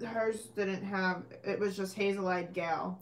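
A woman's voice: mid-range voice, fairly even intonation, unhurried. A woman helping at a live sale who keeps track of buyers and makes short, practical remarks. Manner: brief, practical interjections.

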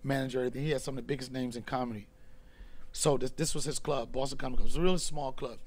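A middle-aged man, a comedian and host, telling profane stories in casual talk and acting out scenes with loud bursts. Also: mid-range voice, fairly even intonation, quick pace. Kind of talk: casual storytelling.

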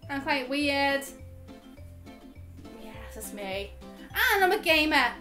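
A woman's voice: sits high, expressive, takes it slowly, pushed and bright, faint music behind. A woman gaming YouTuber chatting casually through viewer questions, giggling often and filling with ums. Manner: chatty, giggly, frequent laughs and fillers. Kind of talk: casual Q&A vlog chat.

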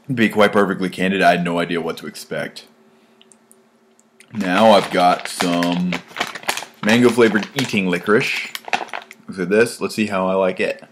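A man's voice: low-pitched, steady tone, a little slow, pauses often, a little hiss or hum. A man hosting a casual food tasting vlog, blunt and a bit crude in how he talks. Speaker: food vlogger host.

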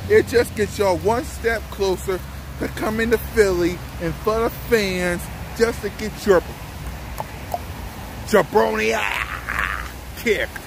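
A man's voice: high-pitched, fairly even intonation, unhurried. A man vlogging a mocking, taunting sports rant and laughing often, with faint traffic outside. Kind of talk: trash-talking sports rant.

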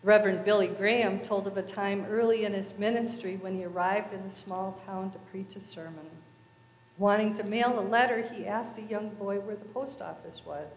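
A woman's voice: medium pitch, fairly even intonation, normal speed. Brief: woman joke-teller in a church, storytelling style, long hall reverb. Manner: storytelling with voices for characters. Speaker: speaker at a church service. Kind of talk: telling jokes to a congregation. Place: church sanctuary.

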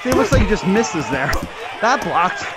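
A man ranting profanely and angrily while boxing in a VR game, out of breath from the workout, with shouted outbursts. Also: high-pitched, sing-song, moderate pace. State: out of breath from exercise. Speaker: VR fitness vlogger. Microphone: VR headset mic.

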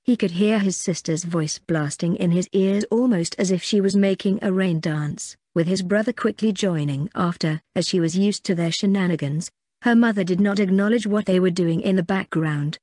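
Steady, dry-voiced woman narrator. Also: lowish voice, normal speed, no room sound. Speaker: audiobook narrator. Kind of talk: scripted narration.

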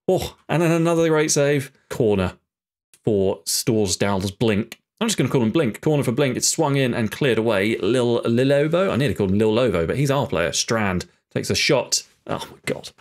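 A man's voice: medium pitch, lively intonation, moderate pace. A man commentating his own football management game, muttering and swearing in frustration as his team plays badly. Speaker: gaming YouTuber. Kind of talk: live football-sim commentary.

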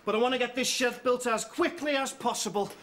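A man's voice: extremely high pitch, brisk, background noise. An actor playing a cheery, intrusive man who barges in, bouncy and blithely oblivious in a sitcom.

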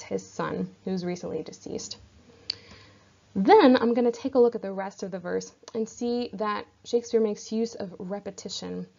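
A woman's voice: mid-range voice, vocal fry, a little mellow. A woman teaching a literature lesson, explaining patiently and checking in with her listeners. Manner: patient, checks in with "right?" and "okay?". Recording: dull lo-fi recording.

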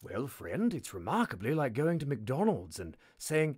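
A man's voice: medium pitch, huge pitch swings, measured pace, darkish tone, husky. A man hosting a live text adventure game, narrating in a sardonic, mock-menacing, sweary way.

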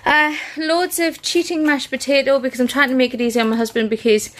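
A woman's voice: high voice, steady tone, fairly quick. A woman with a British accent chatting casually on her vlog, listing items one by one and a little out of breath. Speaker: family vlogger.

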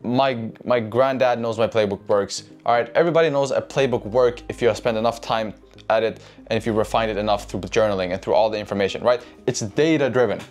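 A man's voice: on the low side, a little fast, a little mellow. A man giving a casual trading lesson, cursing freely, addressing his chat and tagging lines with "right?". Faint music sits underneath. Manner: profane, keeps asking "right?", addresses chat. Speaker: trading educator.

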